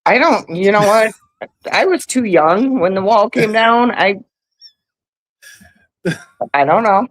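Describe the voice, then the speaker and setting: A woman's voice: mid-range voice, animated, takes it slowly, long pauses, rough recording. A woman guest on a video call, ranting bluntly and profanely in a heated political chat.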